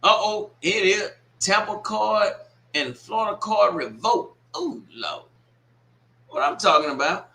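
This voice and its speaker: A man's voice: high-pitched, expressive, measured pace, vocal fry, sharp tone. A man hosting a sports watch party livestream, reading comments aloud and scolding a troll with laughs and swearing. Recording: echoey room.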